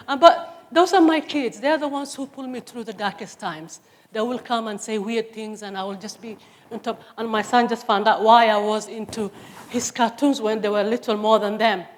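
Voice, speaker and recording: A woman's voice: mid-range voice, a little fast. A woman in her forties with a Somali accent, giving an earnest, emphatic personal testimony on stage with humorous asides. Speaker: speaker. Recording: long hall reverb on stage.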